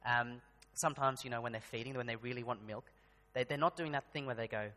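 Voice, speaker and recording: A man's voice: medium pitch, steady tone, fast, bright, forceful tone, long reverb tail. A man preaching a sermon, talking conversationally and building to emphatic bursts. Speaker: pastor. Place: church hall.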